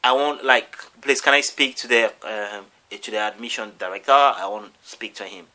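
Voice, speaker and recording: A man voicing an indignant male student who loudly complains and keeps repeating himself. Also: lowish voice, moderate pace. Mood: outraged. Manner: indignant, repeating "please" and "why".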